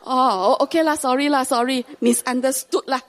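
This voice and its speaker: A woman's voice: sits high, a little fast. A woman telling a testimony story in a sermon, acting out the voices of family members. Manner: animated, acts out quoted voices.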